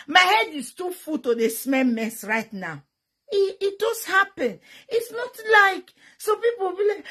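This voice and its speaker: A young woman with a Nigerian Pidgin English accent, talking frankly and bluntly to her viewers, with loud bursts and sound effects. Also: very high-pitched, sing-song, measured pace. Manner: blunt and teasing. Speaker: vlogger. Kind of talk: frank casual talk to viewers.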